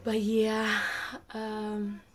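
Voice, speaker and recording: A woman's voice: mid-range voice, completely flat delivery, drawn-out words. Chatty nineteen-year-old woman vlogging. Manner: rambling, full of "like" and "um"; acts out quoted dialogue in her telling. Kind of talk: casual personal storytelling.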